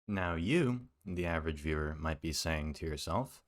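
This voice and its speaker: A man's voice: a bass voice, expressive, normal speed, few pauses. A man hosting a commentary video, talking in an indignant, emphatic way, swearing and repeating his points. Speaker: commentary channel host. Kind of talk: reaction commentary.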